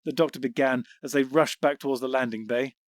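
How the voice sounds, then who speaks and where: A man reading audiobook narration in a measured, descriptive way. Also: medium pitch, steady tone, a little hiss or hum. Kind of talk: scripted narration.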